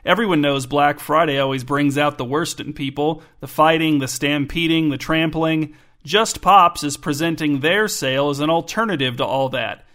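An earnest, preachy dad who lays out his arguments point by point, voiced by a man reading a story. The voice is pitched up a bit from the narration and sounds eager and insistent. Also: normal speed, fairly bright tone, close to an everyday voice. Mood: earnest, persuasive. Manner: earnest, lecturing.

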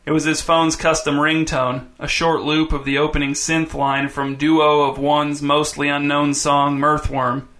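A man's voice: on the high side, level tone, unhurried, few pauses, a bit bright. A man reading a story aloud in scripted narration, with a dry, wry delivery.

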